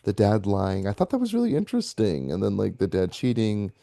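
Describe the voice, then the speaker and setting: Gravelly, mellow-voiced man laughing along. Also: fairly low pitch, huge pitch swings, fairly quick, no room sound, studio quality. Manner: laughs often, defends himself good-naturedly, chatty. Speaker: podcast co-host. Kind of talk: casual movie-review chat.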